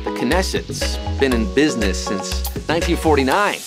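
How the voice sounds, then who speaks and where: A quiz show host with a medium-pitched, very animated voice moves at a moderate pace over background music. He runs a live trivia game, firing off questions with puns, jokes and sudden silly voices in a bouncy manner.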